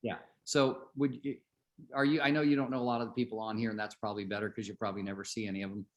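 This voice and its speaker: A man's voice: fairly low pitch, little pitch movement, very fast. A middle-aged man coaching real estate agents on a group call, chatty, telling stories and asking the group questions.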